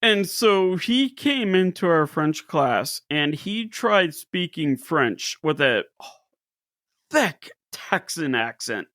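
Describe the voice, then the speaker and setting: Animated, slow-talking woman co-host. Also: deep voice, dry recording, studio quality. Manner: animated storyteller, laughs a lot. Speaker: podcast co-host. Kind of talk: casual chat.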